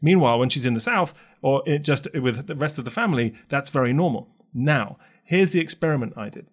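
A man's voice: medium pitch, a little fast. A middle-aged man from London with a London accent, chatting casually and acting out the voices of people in his stories. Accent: London English. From London, England. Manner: animated storytelling, acts out quoted voices. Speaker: co-host. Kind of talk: casual chat.

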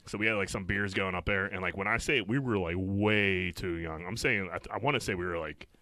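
A man's voice: sits low, brisk, bright, forceful tone, dry recording. Swearing guy telling stories. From Pittsburgh, USA. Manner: swears constantly, rambling storytelling with laughs. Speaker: podcast co-host. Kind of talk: casual chat.

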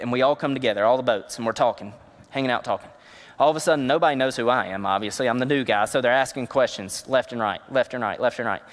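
A youth pastor preaching a sermon, telling personal stories in a conversational, emotional way. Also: male voice, medium pitch, big-room sound.

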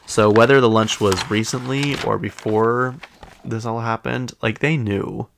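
Recapping reality TV on his podcast, a young male host chats and gossips loosely with frequent fillers. His voice is medium-pitched, steady, gravelly and a bit bright, and he speaks a little slowly over slight background noise.

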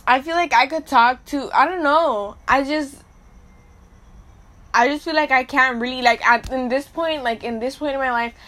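A young woman hosts a casual storytelling podcast and speaks straight to her listeners. Her voice is high and bright, and her delivery is blunt, crude and full of slang and swearing. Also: normal speed. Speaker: podcast host.

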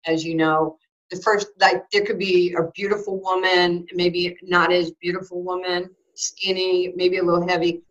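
Lively storytelling woman, low-pitched. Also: normal speed, lo-fi sound. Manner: lively anecdotes with acted-out quotes, many fillers. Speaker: guest, former basketball player and coach. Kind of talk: animated storytelling in an interview.

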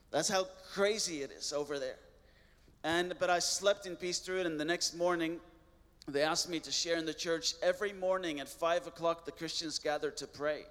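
A man, a missionary guest, telling a personal testimony in an earnest way, with halting restarts. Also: on the high side, fairly bright tone, in a large hall.

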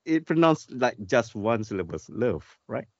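A man's voice: medium pitch, sing-song, moderate pace, no echo, highs cut off. Good-natured man. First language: Japanese. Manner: good-natured, laughing, gently correcting. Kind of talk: casual podcast chat.

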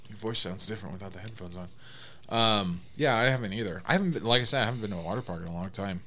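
A man's voice: lowish voice, very fast, bright, forceful tone. A man co-hosting a podcast, chatting in an easygoing, hesitant way. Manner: easygoing, hesitant, many restarts. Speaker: podcast co-host. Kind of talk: casual chat.

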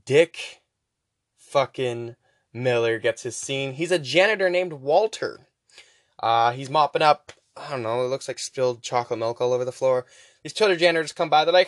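A young man hosting a podcast, casually rambling through a movie recap with profanity and quick voice impressions. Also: medium pitch, no echo, clean studio sound. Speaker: podcast host.

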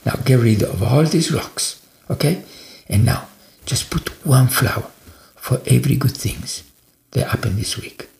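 A man putting on a patient, gently coaxing bishop. The voice is deeply gravelly and lively in pitch, and it rings in an echoey room. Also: unhurried, a little hiss or hum. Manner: soothing, reassuring. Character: calm, patient male bishop.

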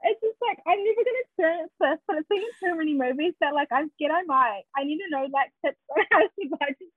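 A young woman chatting casually and excitedly, giggling along. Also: sits high, quick pace, no room sound. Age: young adult. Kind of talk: casual chat. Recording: dry tinny phone-like line.

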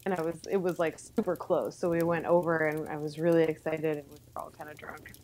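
A woman's voice: low-pitched, level tone, fast, darkish tone, slight background noise. A woman co-hosting a podcast, telling rambling stories in casual chat, mocking herself and laughing often. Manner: rambling storyteller, self-deprecating, laughs often. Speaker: podcast co-host.

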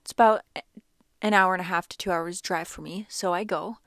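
A woman's voice: on the low side, moderate pace, no room sound, clean studio sound. A young woman vlogger telling a personal story in a chatty, casual way, full of "like" fillers. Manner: chatty, animated, many "like" fillers.

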